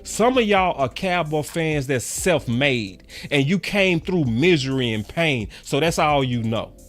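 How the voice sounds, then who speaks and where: A man's voice: on the high side, lively intonation, a little slow, faint music behind. A man in his forties, a sports fan commentator, giving a passionate and repetitive rant to camera with preachy emphasis.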